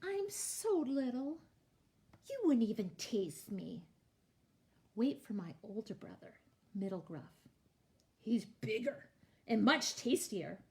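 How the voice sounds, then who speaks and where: A woman doing a squeaky tiny billy goat. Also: very animated, slow, creaky, pauses often, darkish tone, exaggerated voice. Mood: pleading scared. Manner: squeaky, trembling.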